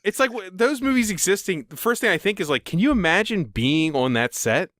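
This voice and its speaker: Excitable podcast host, bright lively voice. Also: male voice, high-pitched, no room sound, clean studio sound. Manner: enthusiastic, excitable, quick to laugh. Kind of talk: casual interview chat.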